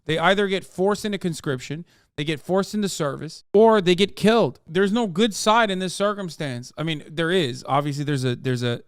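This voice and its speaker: A man hosting a live stream, reacting to news clips with animated, profane and mocking commentary. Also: on the high side, moderate pace, clear, resonant tone, no echo, clean studio sound.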